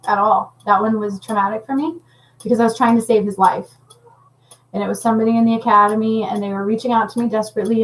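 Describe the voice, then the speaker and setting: A woman's voice: medium pitch, poor audio. A woman working as a spiritual healer and medium, talking casually and intensely to viewers on a livestream, rambling and often checking in with "okay?".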